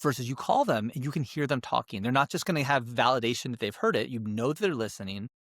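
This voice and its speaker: Excitable male podcast co-host, dry sound. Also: medium pitch, quick pace, no room sound. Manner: excitable, rambling, with restarts. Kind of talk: casual chat.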